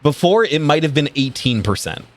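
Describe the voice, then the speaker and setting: A man's voice: fairly high pitch, animated, moderate pace. Casual man running a tabletop game. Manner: casual, swears, many fillers. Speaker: game master.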